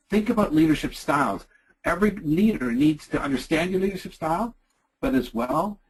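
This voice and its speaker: A middle-aged man with a Canadian accent giving a chatty leadership presentation, acting out quotes in lively voices. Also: high-pitched, gravelly, husky, poor audio. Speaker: leadership speaker. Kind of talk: webinar presentation.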